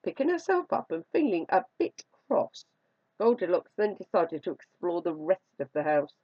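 A storyteller reading a fairy tale aloud in an expressive, drawn-out way, on a dry, dull recording. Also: mid-range voice, husky, no echo.

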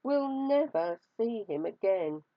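Lady doing sad little crowd of animals, plaintive, slow, dullish dry sound. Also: medium pitch, expressive, no room sound, pitched above the performer's own voice. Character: crowd of worried farm animals. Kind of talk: storybook read-aloud. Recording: dry, slightly dull recording.

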